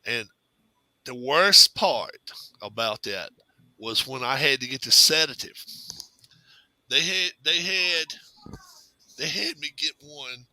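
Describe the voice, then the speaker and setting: A man's voice: mid-range voice, expressive, slow pace, long pauses, sharp tone, poor audio. A man telling a funny childhood story in a casual chat, drawling and acting out what others said. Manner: drawling, laughing storyteller who acts out quotes.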